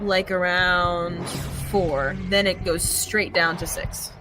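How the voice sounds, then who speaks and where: A woman's voice: on the low side, fairly even intonation, slow pace. A woman co-hosting a casual livestream, teasing her partner and giving step-by-step directions. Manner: teasing, dry, instructive. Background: music.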